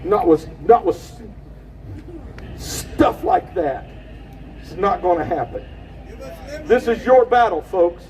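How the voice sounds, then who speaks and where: A man giving an impassioned rally speech outdoors, preaching and shouting at the crowd. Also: high voice, animated, slow, pauses often, far from the mic, rough recording. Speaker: rally speaker.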